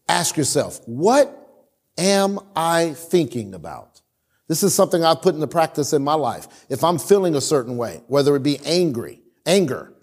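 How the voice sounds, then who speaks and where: A man preaching a sermon and telling stories from his marriage, acting out his own lines and calling on the congregation to answer. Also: a little high. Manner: animated storytelling with acted-out quotes; calls for responses from the congregation. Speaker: pastor.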